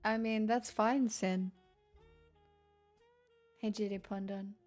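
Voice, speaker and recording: A woman's voice: medium pitch, fairly even intonation, slow pace, a little mellow, soft background music. A woman who streams and chats with viewers. She talks in a candid, rambling way, swears, and laughs often. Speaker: live streamer reading chat. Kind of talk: casual chat.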